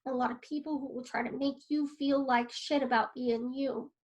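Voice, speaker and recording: A woman's voice: high-pitched, fairly even intonation, normal speed, a little mellow, low-quality recording. A woman wellness coach talking earnestly to camera from her desk at home, encouraging and a little emotional. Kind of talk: casual talk to camera. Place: home desk in a sunny room.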